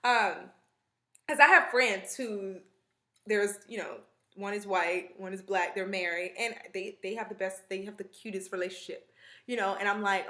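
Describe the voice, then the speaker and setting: Young woman, vlogger, rambling casual storytelling, bright tone, echoey room. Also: mid-range voice, normal speed. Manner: chatty, rambling, animated retelling with many fillers.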